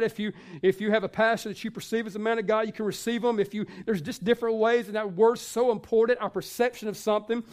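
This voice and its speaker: A male pastor giving a sermon in a conversational way, with many fillers and restarts. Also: sits high.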